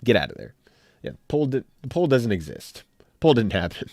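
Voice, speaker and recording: A young man streaming live, chatting casually with his viewers in an animated, joking way as he ranks characters on a tier list. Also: medium pitch, a little slow, creaky, pauses often, no echo, studio quality. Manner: animated, jokey, talks back to chat.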